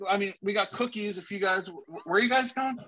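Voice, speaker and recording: A man's voice: high-pitched, brisk, sharp tone, no room sound, voice pushed up, rough recording. A man voicing an easygoing, oblivious friend who chats breezily about snacks and practice, sounding distracted. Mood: breezy.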